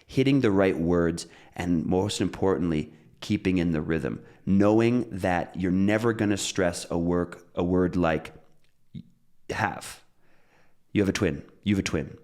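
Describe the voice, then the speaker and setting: Deep-voiced man teaching pronunciation. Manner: relaxed, explains with examples and repeats phrases. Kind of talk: casual spoken lesson.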